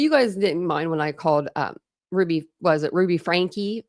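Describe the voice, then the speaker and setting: A woman's voice: on the low side, dry recording, studio quality. A young woman hosting a true crime livestream, chatting casually in an Ohio accent with a Philadelphia tinge, laughing often and correcting herself. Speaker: true crime channel host.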